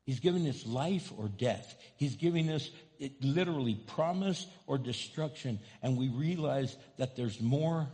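A man in his fifties preaching a sermon as pastor. His delivery is impassioned, and his voice rises to loud, high cries. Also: expressive, measured pace, few pauses. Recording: long hall reverb.

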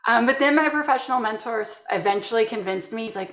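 Animated woman from Canada, roomy sound. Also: on the high side, fast, hardly any pauses. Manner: animated storyteller, acts out quotes. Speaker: guest, security professional. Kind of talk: conversational interview.

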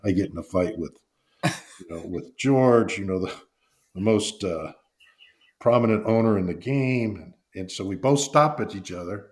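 A man's voice: fairly low pitch, moderate pace, a little mellow. An older man, a former baseball executive, telling long rambling stories in a podcast interview and acting out the quotes. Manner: rambling anecdotes with restarts and acted-out quotes.

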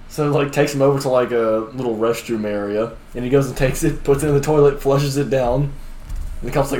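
A man's voice: medium pitch, fairly even intonation, darkish tone. Man telling a story in an echoey room. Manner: laughs while telling stories, quick quips. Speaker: podcast co-host. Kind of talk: casual chat. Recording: echoey room with faint hiss.

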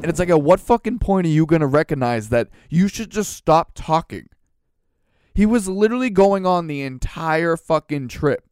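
A man's voice: on the high side, expressive, normal speed, darkish tone, clear, resonant tone, no room sound. A male podcast host telling a profane, ranting story in casual chat.

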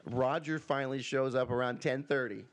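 Podcast host, man, mid-pitched, reads a story aloud in a casual tone. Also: steady tone, moderate pace.

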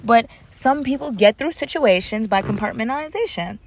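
A woman's voice: a little high, expressive, normal speed, slight background noise. A woman hosting a solo podcast with an African American English accent, talking casually and animatedly, slipping into playful voices when quoting others. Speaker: podcast host.

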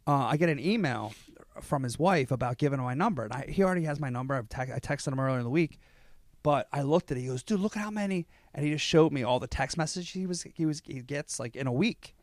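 A man co-hosting a casual podcast chat in an office, telling stories in an excitable, quick way with a lot of "yeah". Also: mid-range voice, dry recording, studio quality. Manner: excitable, quick storytelling with many yeahs. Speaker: podcast co-host and comedy club owner.

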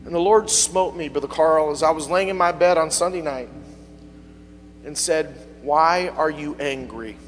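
A man preaching a sermon as pastor in a church, speaking with fervent call-and-response, sometimes quiet and sometimes swelling into passionate peaks. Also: a little high, normal speed, big-room sound, faint music behind. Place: church sanctuary.

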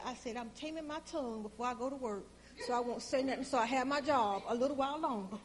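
Animated woman telling a workplace story. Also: fairly high pitch, quick pace, a little hiss or hum. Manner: animated, acts out both sides of the conversation. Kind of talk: casual personal storytelling.

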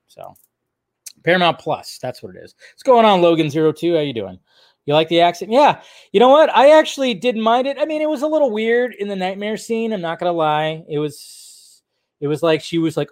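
A man's voice: on the high side, expressive, a little fast. A man hosting a casual live video chat, answering viewer comments in a loose, rambling way with lots of fillers and restarts. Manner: loose and offhand, swears casually. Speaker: host of a live video show.

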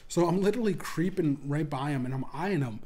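A man hosting a podcast, telling a profane story casually and acting out other people's lines in a higher voice. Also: a little fast. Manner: profane, animated, acts out quotes in a higher voice. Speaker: podcast host.

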